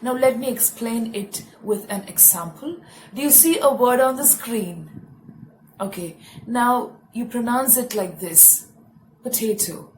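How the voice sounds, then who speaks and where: A woman's voice: on the high side, expressive, a little slow, slight background noise, rough recording. A woman with an Indian English accent giving a spoken English lesson to camera, explaining patiently and stressing key words. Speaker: English teacher.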